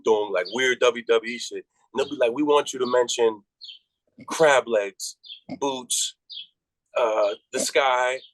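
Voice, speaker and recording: Profane, animated male storyteller. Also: no room sound, poor audio. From Massachusetts. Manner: animated, profane, jumps high in pitch on quoted reactions. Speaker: rapper guest. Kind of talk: casual storytelling.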